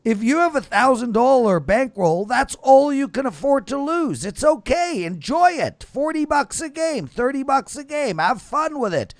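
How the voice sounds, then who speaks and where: A man hosting a casual betting panel show, lecturing listeners with emphatic swings between loud bursts and low mumbles. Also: very animated, normal speed, gravelly, hardly any pauses, no room sound. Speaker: show host.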